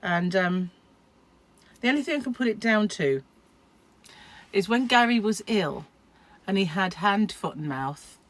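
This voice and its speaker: A woman's voice: mid-range voice, expressive, unhurried, long pauses. A middle-aged British woman from the UK, chatting casually to camera as a crochet vlogger, rambling and self-deprecating with frequent laughs. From United Kingdom.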